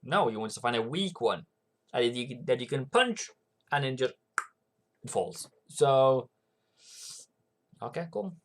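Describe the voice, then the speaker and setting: A man hosts a relaxed livestream about currency trading. He talks slowly and loosely, restarting his sentences and breaking off to greet viewers from the chat. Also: medium pitch. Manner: rambling, reads viewer comments aloud, frequent restarts. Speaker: forex trading channel host. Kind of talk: casual livestream market commentary.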